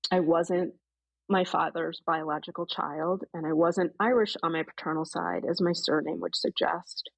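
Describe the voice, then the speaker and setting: A woman's voice: lowish voice, moderate pace, gravelly, no echo, rough recording. A woman, a podcast guest, earnestly retelling an emotional personal story and voicing her own past thoughts. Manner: earnest, animated retelling with quoted inner thoughts.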